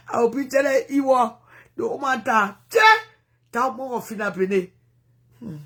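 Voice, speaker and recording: A woman with a Liberian accent giving animated, rambling commentary in a casual vlog. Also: on the high side, measured pace. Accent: Liberian English. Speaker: vlogger.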